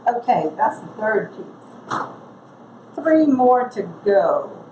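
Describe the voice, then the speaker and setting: Gravelly woman crafting. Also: mid-range voice, very animated, takes it slowly, warm tone. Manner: chatty, thinks aloud while working. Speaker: craft tutorial host. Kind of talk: casual craft demonstration. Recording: echoey room with noise.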